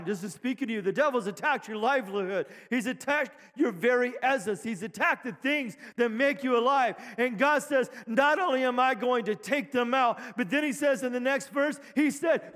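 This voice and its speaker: High-voiced preacher in a reverberant hall. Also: male voice. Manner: rousing preaching, calls of amen, shouting at peaks, jokes with congregation. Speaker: pastor. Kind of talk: sermon. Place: church sanctuary. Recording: long reverb of a church hall.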